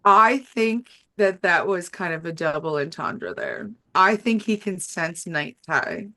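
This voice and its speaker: A young woman with a bright, sharp voice chats casually about a TV episode. She keeps a laid-back tone and slips in slang like "dude" and "bro". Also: lowish voice, very animated, measured pace. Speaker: podcast co-host. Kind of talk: casual TV recap chat.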